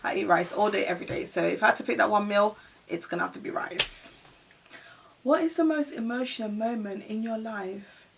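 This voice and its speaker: A woman's voice: mid-range voice, brisk, vocal fry, recorded from a distance, slight background noise. A woman in her thirties, a mother, chatting casually to her viewers in a Q&A tag video, laughing often. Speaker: vlogger.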